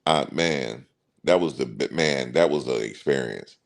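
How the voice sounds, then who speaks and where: Deep-voiced man chatting to viewers. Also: a little slow, gravelly. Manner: chatty storyteller, addresses viewers directly, repeats himself. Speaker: commentary channel host. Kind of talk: casual reaction commentary.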